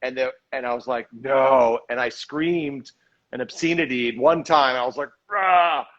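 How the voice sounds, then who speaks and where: A man's voice: medium pitch, moderate pace, fairly bright tone. Man, actor chatting on a video call, tired, reflective, rambling, slightly dull audio. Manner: reflective, rambling, self-deprecating. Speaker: actor and director, guest. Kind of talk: casual live video chat.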